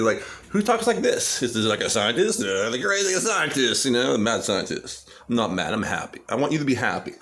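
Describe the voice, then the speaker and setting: A man's voice: mid-range voice, fairly bright tone, echoey room. A man rambling cheerfully through a casual home cooking vlog at his stove, restarting sentences often. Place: small home kitchen at the stove.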